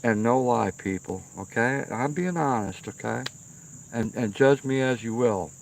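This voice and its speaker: Gravelly middle-aged man telling stories by the fire. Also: mid-range voice, measured pace, slight background noise. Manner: rambling, profane, keeps checking in with "okay?". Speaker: livestream host. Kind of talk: casual storytelling. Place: outdoors by a fire pit at night.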